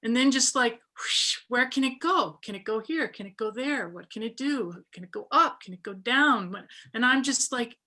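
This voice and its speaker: A woman's voice: fairly high pitch, animated, normal speed, hardly any pauses, bright, forceful tone. A woman, a book artist, talking reflectively in a panel over a video call, with many fillers and restarts. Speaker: book artist giving a talk.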